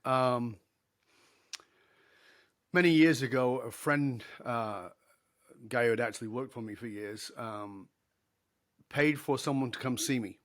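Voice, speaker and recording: A man's voice: mid-range voice, a little slow, long pauses. A middle-aged man, a leadership speaker telling a story as a podcast guest, acting out the dialogue and laughing along. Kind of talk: conversational storytelling.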